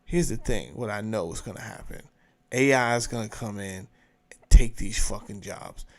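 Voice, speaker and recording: A man's voice: lowish voice, moderate pace, gravelly. A man hosting his own show, giving blunt, profane, emphatic commentary in a casual rant. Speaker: show host commenting on a clip.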